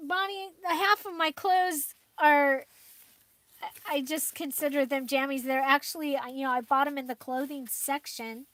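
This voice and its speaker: A woman's voice: high-pitched, a bit bright, no room sound. A woman hosting a crafting channel, chatting casually and rambling with frequent fillers and little laughs. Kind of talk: casual livestream chat.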